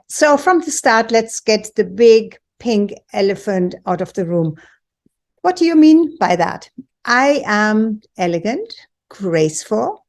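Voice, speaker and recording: A woman in her sixties from Europe, hosting a personal talk for viewers in a deliberate, emphatic storytelling manner. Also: mid-range voice. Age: 60s. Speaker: host and women's empowerment coach.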